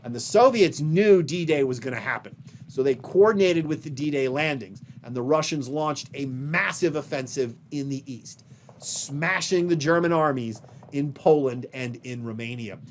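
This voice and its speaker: Male history lecturer, slightly high voice, deliberate emphasis, faint noise behind. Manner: explains slides, pointing to images above him. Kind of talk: recorded video lecture.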